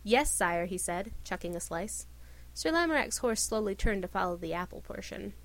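A woman reading a story aloud with expressive narration. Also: medium pitch, normal speed. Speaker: reader. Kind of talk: reading fan fiction aloud.

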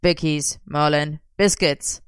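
A woman's voice: sits low, steady tone, takes it slowly, smooth, no echo, clean studio sound, pitched below the performer's own voice. A woman reading aloud, voicing a smug, bossy young man who teases his friend. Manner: bossy, commanding.

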